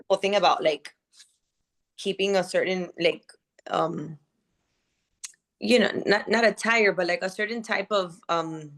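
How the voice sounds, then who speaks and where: A woman beauty consultant in casual chat, animated, with lots of fillers and restarts. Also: fairly low pitch.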